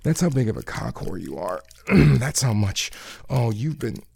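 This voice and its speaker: A man playing a domineering, crude male kitchen coworker in an adult audio role-play, taunting and commanding in a husky voice with breathy asides. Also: mid-range voice, very animated, unhurried, a little mellow, full character voice.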